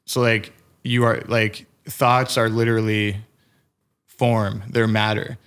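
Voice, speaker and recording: A man's voice: fairly low pitch, flat delivery, slow, a bit bright, clear, resonant tone. A man hosting a podcast, explaining ideas thoughtfully in casual chat with many filler words. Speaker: podcast host.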